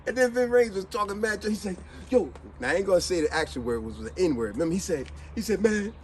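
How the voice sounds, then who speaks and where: Animated, high-voiced storytelling man. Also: fast talker, a little hiss or hum, rough recording. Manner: animated, slangy retelling with lots of rhetorical questions. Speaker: motivational vlogger. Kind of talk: casual motivational storytelling.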